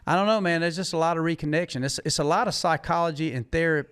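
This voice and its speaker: A middle-aged man, hosting a podcast and telling stories in an animated, folksy way. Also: a little high, fast talker, clear, resonant tone. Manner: animated storyteller, folksy, laughs often. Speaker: podcast host. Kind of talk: casual chat.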